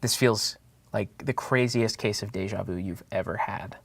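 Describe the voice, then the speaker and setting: A man narrating a tabletop game as game master, in a loose, halting way with many fillers. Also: fairly low pitch, vocal fry, breathy edge.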